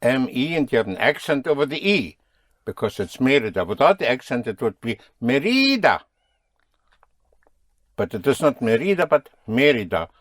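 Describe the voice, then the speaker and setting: Male language teacher, patient and methodical, mid pitch, dry close recording. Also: expressive, a little fast, no echo. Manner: patient, drilling students with questions. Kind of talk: spoken language lesson.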